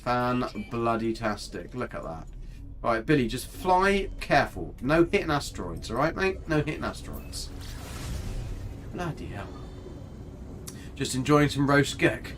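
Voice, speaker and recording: Male streamer, casual and chatty, mid-pitched, light music under. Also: sing-song, normal speed. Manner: chatty, swears mildly, talks to his character and viewers. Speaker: gaming streamer. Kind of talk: casual live gameplay commentary.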